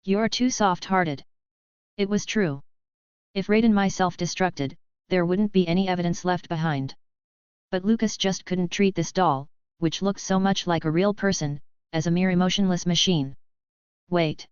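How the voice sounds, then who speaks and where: A woman narrates a web novel audiobook in a steady, even manner. Her voice sits low and sounds very smooth and clear. The recording is dry, with a slightly dull, lo-fi tone. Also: moderate pace, no echo.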